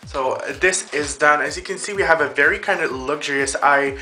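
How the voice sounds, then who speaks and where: Chatty makeup vlogger, male, fairly high and bright voice, faint music underneath. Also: moderate pace. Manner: chatty, addresses viewers as girls and boys. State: out of breath. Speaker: makeup tutorial host. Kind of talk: casual makeup tutorial.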